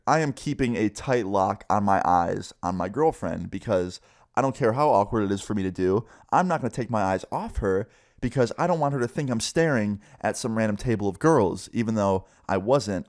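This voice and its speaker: A young man telling a personal story to camera in a casual storytime vlog, animated and swearing casually. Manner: animated, quick shifts in pitch, swears casually.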